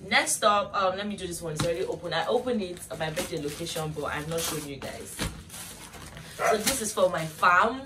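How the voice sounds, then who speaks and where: A woman's voice: fairly low pitch, lively intonation, fairly quick. A young woman, chatting casually and gushing to viewers as a vlogger. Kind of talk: casual unboxing chat to viewers. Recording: distant mic with clear room noise.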